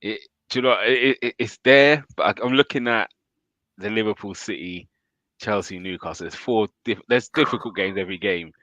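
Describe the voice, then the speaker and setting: A man hosting a casual match chat, relaxed and asking his co-host questions. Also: fairly low pitch, moderate pace, no echo, highs cut off. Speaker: football fan show host.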